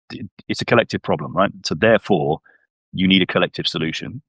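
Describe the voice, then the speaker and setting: A deep-voiced man hosts a relaxed podcast discussion, thinking out loud and checking in with tags like "right?" and "isn't it?". His voice comes through dry and close on a video call mic. He keeps a casual, conversational pace. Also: no room sound. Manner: relaxed, reasoning aloud with rhetorical tags. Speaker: podcast host.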